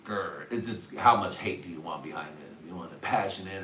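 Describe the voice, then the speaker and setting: A man's voice: low-pitched, normal speed, hardly any pauses. Young man, livestream host, vulgar drawling storyteller who laughs a lot; sits back from the mic in an echoey room. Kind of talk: crude rambling comedic monologue. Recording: roomy echo, distant mic, faint noise.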